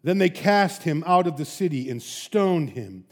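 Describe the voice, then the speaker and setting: High-voiced, emphatic preacher man. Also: measured pace. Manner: emphatic, animated preaching with sudden loud peaks and soft drops; casual asides and rhetorical questions. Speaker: pastor. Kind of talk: sermon.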